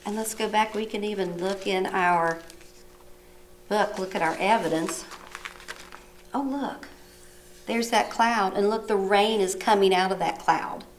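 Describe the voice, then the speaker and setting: A woman teaching a recorded lesson to young children, gently coaxing and asking them questions, reading sentences aloud with exaggerated rises and falls of her voice. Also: medium pitch, far from the mic, slight background noise. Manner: slow, exaggerated read-aloud with rising and falling voice.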